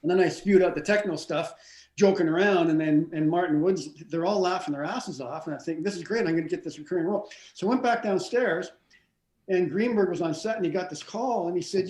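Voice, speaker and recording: Rambling, high-voiced middle-aged man telling stories. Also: fairly quick. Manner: rambling, animated, many restarts and stammers. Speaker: stunt coordinator and actor, interview guest. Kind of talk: casual storytelling interview. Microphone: video call. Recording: roomy echo.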